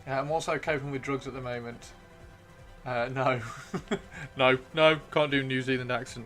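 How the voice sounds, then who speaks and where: A man's voice: medium pitch, fairly even intonation, moderate pace, fairly bright tone. A man streaming live, chatting casually and joking as he reads out viewer messages, his throat a bit worn from talking. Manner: chatty, joking, self-mocking. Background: faint video game music.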